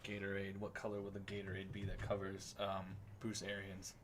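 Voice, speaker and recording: A young man co-hosting a sports podcast live stream, chatting eagerly about his teams in quick casual banter. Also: deep voice, completely flat delivery, a little hiss or hum. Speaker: podcast co-host.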